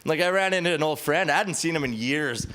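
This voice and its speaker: A man's voice: fairly high pitch, fast talker, bright, forceful tone. A man doing a stand-up set on a club stage, rambling and self-deprecating, often laughing at his own jokes. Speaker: stand-up comedian.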